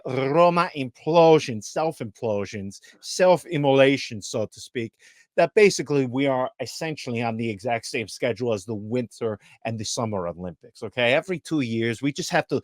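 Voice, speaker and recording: A man's voice: medium pitch, no echo. Man, thirties, podcast co-host, exasperated rant, emphatic, repetitive, dry close sound. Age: 30s. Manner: exasperated, emphatic, repeats himself.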